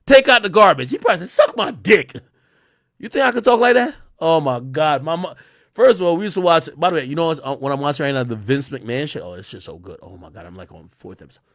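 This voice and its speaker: A young man ranting on a livestream, animated and profane, with frequent restarts. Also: on the high side, fast, no room sound, clean studio sound. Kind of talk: casual livestream rant.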